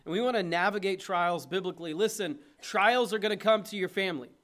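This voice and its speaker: High-voiced pastor preaching. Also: male voice, quick pace. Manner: impassioned preaching, swings between loud urging and soft tenderness. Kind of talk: sermon.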